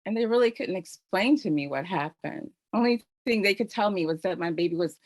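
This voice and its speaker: A woman's voice: mid-range voice, animated, fairly quick, few pauses, a little mellow, no room sound. A middle-aged woman hosting a virtual panel, telling her own story in an earnest, heartfelt way full of "you know" fillers, over a video call microphone. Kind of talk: personal testimony on a virtual panel.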